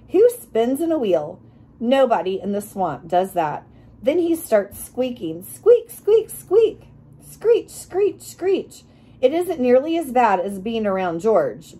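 A woman reading a children's chapter book aloud, expressive and acting out the sound effects. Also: mid-range voice, breathy edge. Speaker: reader.

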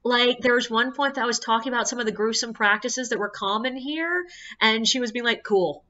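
A woman who works as a ghost tour guide, telling stories about her guests in a casual, animated and exasperated way, swearing freely. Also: brisk, dull audio. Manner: animated, acts out guests in high squeaky voices. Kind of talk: casual storytelling monologue.

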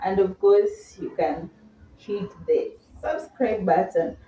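Hosting a casual question-and-answer session with a friend, this young woman from Kenya speaks slowly at a medium pitch, giggling and teasing playfully. The sound is lo-fi, with echo, faint hiss and a far-off microphone.

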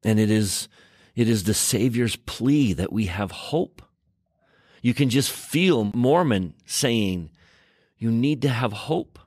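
A man's voice: medium pitch, expressive, slow pace, darkish tone, no echo, studio quality. A man hosting a scripture study show, reading verses aloud and stressing key words as he explains them. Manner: emphatic, reads verses aloud and rereads with stress. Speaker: scripture teacher and podcast host.

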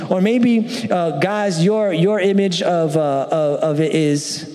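Man, pastor, high-pitched, playful conversational sermon, long hall reverb. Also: slow, mellow. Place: church auditorium stage.

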